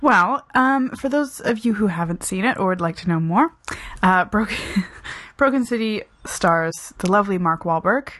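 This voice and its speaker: A woman's voice: medium pitch, lively intonation, moderate pace, fairly bright tone, dry recording, studio quality. A woman co-hosting a film review chat, talking frankly and casually with lots of "like" and fillers. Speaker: film review podcast co-host.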